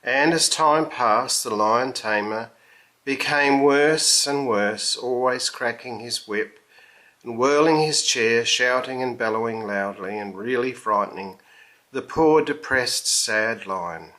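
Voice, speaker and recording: A man reading a children's story aloud, lingering over each phrase in a very slow, expressive way. His voice has a bright, forward tone. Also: medium pitch.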